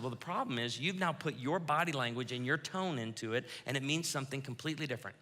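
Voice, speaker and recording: A man preaching a sermon as pastor, lively, acting out quoted lines as he goes. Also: medium pitch, fast, few pauses. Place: church auditorium. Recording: reverberant church hall.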